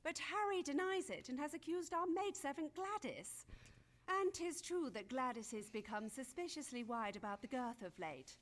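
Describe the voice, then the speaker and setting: A woman's voice: high voice, animated, moderate pace. An actress playing a flustered, gossiping Elizabethan noblewoman who speaks in chatty, dramatic archaic phrases in a video game. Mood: suspicious.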